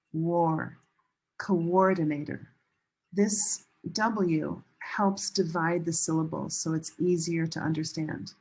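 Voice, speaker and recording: Woman ESL teacher, unhurried delivery, husky tone, patient pronunciation drills. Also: on the low side, darkish tone, poor audio. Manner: slow, careful pronunciation modeling with repeated words. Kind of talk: recorded online lesson.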